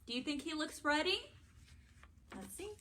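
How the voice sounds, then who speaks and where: A young adult woman hosting a children's story time, animated and playful as she talks to the kids. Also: sits high, normal speed, heavy background noise.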